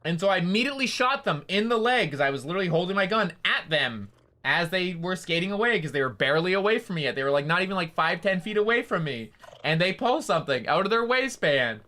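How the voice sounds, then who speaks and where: Brief: male streamer, bright tone, loose profane storytelling. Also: sits high, lively intonation, fast. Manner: rambling, profane, filler-heavy storytelling. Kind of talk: casual stream chat.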